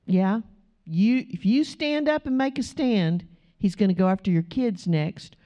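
A woman's voice: mid-range voice, a little slow. A woman pastor preaching a sermon, telling stories and acting out the people in them. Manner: animated storytelling, acting out quotes.

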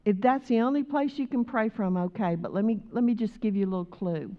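A woman's voice: a little high, a little fast, muffled recording. Woman preaching a fiery sermon. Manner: builds from conversational to loud, rhythmic exhortation.

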